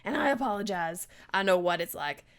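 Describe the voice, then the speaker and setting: A woman voicing a gruff, repentant male spork monster in a strained, gravelly voice, solemn and theatrical. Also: mid-range voice, lively intonation, fairly quick, close to an everyday voice.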